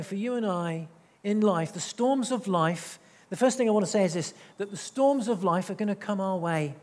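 A man preaching a sermon, reading scripture aloud and slowing down to stress key words. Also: high voice, darkish tone, in a large hall. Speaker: pastor. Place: church hall.

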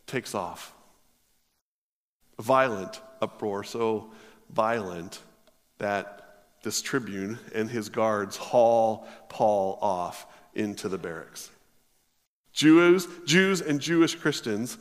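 A man preaching a sermon, reading scripture aloud and then expounding on it with emphatic, drawn-out stresses. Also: medium pitch, expressive, in a large hall.

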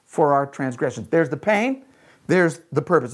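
A man preaching a sermon as a pastor, earnest, often slowing down and dropping to a soft, quiet voice on key lines. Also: a little high, expressive, husky.

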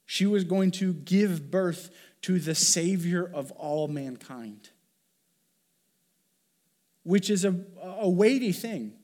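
A man's voice: high voice, animated, takes it slowly, pauses often, darkish tone. A man preaching a sermon as pastor, talking in an earnest, conversational way with fillers and restarts.

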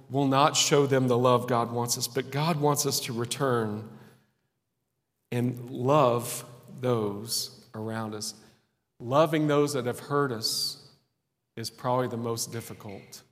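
A man preaching a sermon in an earnest, folksy way, with pauses between phrases and laughs at himself. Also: medium pitch. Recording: long reverb of a hall.

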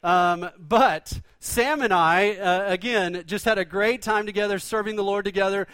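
Guy preaching, high voice, chatty and jokey, dry close sound. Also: moderate pace, fairly bright tone, smooth, no echo. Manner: conversational storytelling with humor. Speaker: pastor. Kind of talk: sermon.

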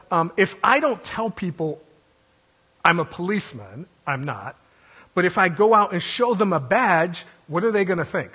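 Husky-voiced preacher man, high pitched. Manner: preaching with dramatic proclamations and sudden quiet drops. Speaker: pastor. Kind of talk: sermon.

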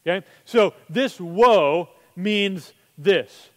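High-voiced pastor preaching in a reverberant hall. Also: male voice, animated, measured pace, a bit bright. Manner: conversational, asks rhetorical questions. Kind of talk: sermon.

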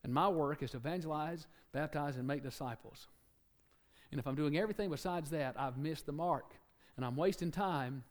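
Animated male preacher in a reverberant hall. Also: on the high side, moderate pace. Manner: animated, acts out quotes, jokes with congregation. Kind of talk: sermon.

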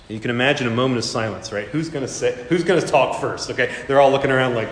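A man's voice: mid-range voice, big pitch swings, quick pace, fairly bright tone. A man preaching a sermon as pastor, emphatic, repeating key phrases and asking rhetorical questions. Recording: echoey hall with long reverb.

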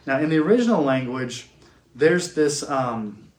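A man giving a classroom theology lecture. He asks questions, answers them himself, and slows down to stress key words. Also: on the high side, lively intonation. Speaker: teacher. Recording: echoey room.

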